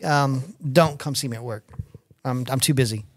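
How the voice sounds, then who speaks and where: A middle-aged man co-hosting a casual podcast, swearing freely and telling animated stories. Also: mid-range voice, moderate pace. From United States. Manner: crude, swears a lot, animated storyteller. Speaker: podcast co-host. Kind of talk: casual chat.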